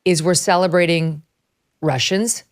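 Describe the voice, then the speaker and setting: A middle-aged woman from upstate New York hosting a talk show, animated and emphatic, laughing as she talks. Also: fairly low pitch, a little slow. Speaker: host. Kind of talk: casual conversational commentary.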